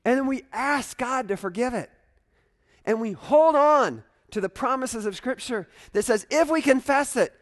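With a high-pitched voice, a male pastor delivers his sermon in a lively, conversational manner, often turning to the congregation with asides.

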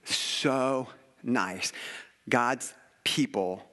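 A man's voice: medium pitch, very slow, bright, forceful tone. A middle-aged man telling a family story in an earnest, rambling way, with many fillers and restarts. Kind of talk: casual heartfelt storytelling.

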